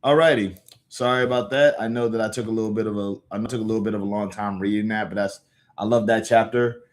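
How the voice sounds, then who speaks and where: Male streamer, casual and rambling, slightly low voice. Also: fairly even intonation, fast. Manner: rambling, laid-back, many fillers and restarts. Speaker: livestream host reading comics aloud. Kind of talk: casual livestream chat.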